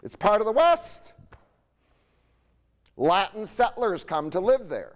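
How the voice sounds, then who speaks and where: A man's voice: high voice, sing-song, takes it slowly, in a large hall. A man giving a history lecture in a conversational way, often tossing rhetorical questions to his audience.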